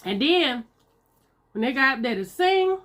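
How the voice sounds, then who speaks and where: A woman's voice: high voice, big pitch swings, a little slow, a bit bright. A woman, chatting casually to her viewers while eating. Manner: chatty, talks to viewers as y'all, Southern US slang. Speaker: mukbang vlogger.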